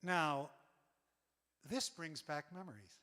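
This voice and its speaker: A man's voice: a little high, slow, long reverb tail. A man from New York telling wry comic stories in a stage monologue. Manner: animated, wry. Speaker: storyteller.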